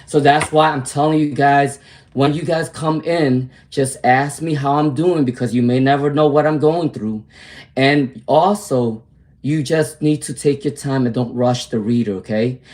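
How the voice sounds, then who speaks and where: Man livestream tarot reader, mid-pitched, slangy and candid, chats straight to his viewers. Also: fairly even intonation, measured pace, darkish tone. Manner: casual, chatty, addresses viewers by name; slangy, candid, speaks in repeated phrases.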